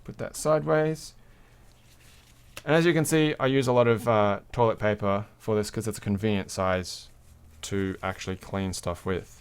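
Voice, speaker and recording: At his home workbench, a livestream host casually walks viewers through a hands-on craft demonstration, explaining every step and laughing now and then. His voice is lowish, steady and clean, at a moderate pace.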